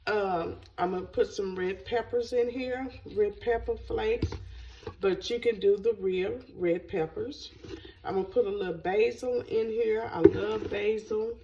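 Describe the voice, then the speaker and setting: A woman hosting her own cooking channel, congested, chatting casually to the camera in a slow, rambling way that repeats phrases. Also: lowish voice, darkish tone, far from the mic, a little hiss or hum, low-quality recording.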